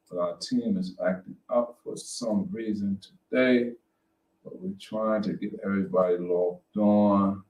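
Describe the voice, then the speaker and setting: Man, recovery coach, slow unhurried talk, roomy echo, a step away from the mic. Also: lowish voice, recorded from a distance, lo-fi sound. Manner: muttering to himself while fixing tech, then greeting warmly and reading aloud. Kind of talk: casual online support-group talk. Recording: echoey room, voice off-mic.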